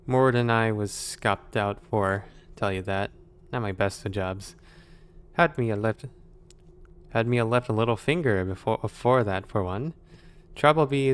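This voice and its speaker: A man putting on a gruff folksy thief. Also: fairly low pitch, close to an everyday voice. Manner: rough folksy put-on accent, clipped old-fashioned phrasing. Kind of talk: reading a game note aloud in a voice.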